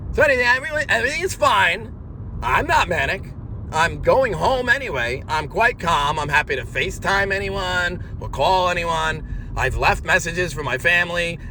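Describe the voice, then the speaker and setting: A man delivering a rambling spoken monologue in an agitated way, swinging between shouting and low muttering. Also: a little hiss or hum. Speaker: monologue speaker.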